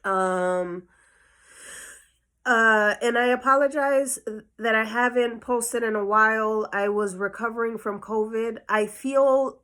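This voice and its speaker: A woman's voice: fairly high pitch, fairly even intonation, takes it slowly, a bit bright. A woman telling a personal story on her vlog in a casual, chatty way full of fillers, slightly short of breath. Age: adult. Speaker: vlogger.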